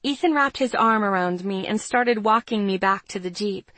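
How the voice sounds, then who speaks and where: A woman reading a first-person audiobook in a steady, plain storytelling manner. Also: mid-range voice, moderate pace, no echo. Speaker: audiobook narrator.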